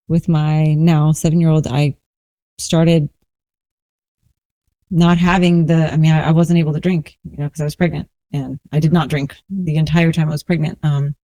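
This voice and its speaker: A woman in her forties from New Orleans, a resilience coach telling her personal story as a podcast guest in a slow, reflective, earnest way. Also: low voice, warm tone, no room sound. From New Orleans, USA.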